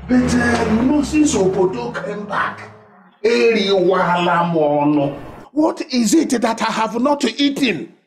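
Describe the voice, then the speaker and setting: An actor with a Nigerian accent playing a fussy, excitable village father who scolds and pleads comically. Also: sits high, unhurried. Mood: pleading. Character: fussy older male village elder, the father. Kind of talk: comedic film acting.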